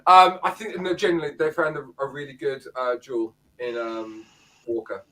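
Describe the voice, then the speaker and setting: A man's voice: mid-range voice, fairly even intonation, moderate pace, a bit bright. A man from the UK, chatting casually as a podcast co-host, rambling and correcting himself as he goes.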